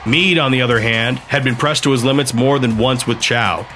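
Give me a man narrating a science fiction audiobook in a steady, even storytelling voice, with faint music playing behind him. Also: medium pitch, moderate pace. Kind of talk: scripted narration.

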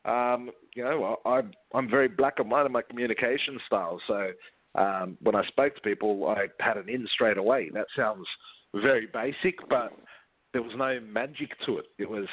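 A man's voice: medium pitch, moderate pace, no echo. A man with an Australian accent, talking brashly and cheekily as a guest on a phone interview. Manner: brash, cheeky, laughs often. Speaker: guest recruiter. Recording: tinny phone line.

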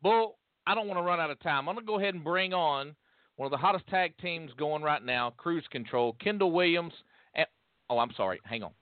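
A man's voice: a little high, lively intonation, fairly quick, no room sound. A man hosting a casual interview show, welcoming guests and asking questions with friendly hesitations. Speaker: podcast host and announcer. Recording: phone-like, dry sound.

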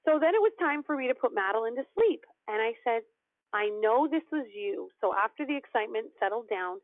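Animated woman telling a story over the phone. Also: a little high, fairly quick, no room sound. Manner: animated storyteller, acts out quoted dialogue. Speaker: podcast guest. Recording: tinny phone-line audio, dry.

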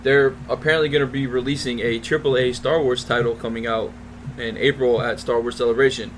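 A man's voice: medium pitch, flat delivery, brisk, slight background noise, rough recording. A male podcast co-host eagerly running through gaming news. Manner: eager, enthusiastic. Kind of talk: casual podcast chat.

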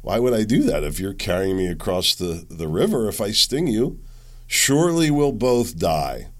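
A man's voice: fairly low pitch, sing-song, moderate pace. A man voicing a sly scorpion in a fable, who begs a frog for a ride and then reassures it. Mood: reassuring.

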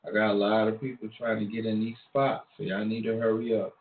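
A show host from Long Island, New York, delivers a casual, slangy street-talk monologue in a laid-back drawl. His voice sits on the low side, flat and fairly quick. The audio sounds like an echoey room heard over a tinny, phone-like line.

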